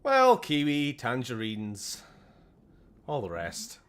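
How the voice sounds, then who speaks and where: A man's voice: mid-range voice, huge pitch swings, slow pace, a bit bright. Laughing Welsh man streaming a game. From Wales. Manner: laughs often, jokey asides. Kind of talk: casual game commentary.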